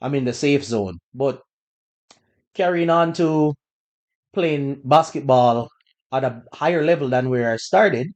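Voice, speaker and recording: A man hosting a podcast, telling a personal story in a relaxed, conversational way with bursts of laughter. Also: medium pitch, measured pace, long pauses. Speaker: podcast host. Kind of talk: casual storytelling.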